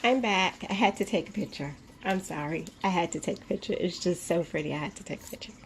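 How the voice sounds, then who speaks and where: A woman filming a casual unboxing vlog in her room at home, gushing with breathy, drawn-out exclamations. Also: lowish voice, slight background noise, poor audio. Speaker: vlogger.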